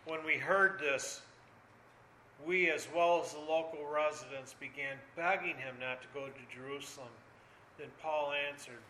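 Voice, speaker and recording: An older man delivers an earnest sermon in a high, bright voice. He moves between hushed reflection and loud, urgent emphasis. The sound rings with room echo over a faint background hum. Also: steady tone, a little slow. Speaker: preacher.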